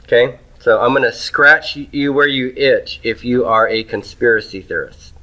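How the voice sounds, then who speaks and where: Teaching Hebrew grammar, a man writes on the board while talking, asking the class questions he answers himself and sprinkling in "okay?" and "right?". His medium-pitched voice sounds pushed and bright at a moderate pace, and the audio quality is poor.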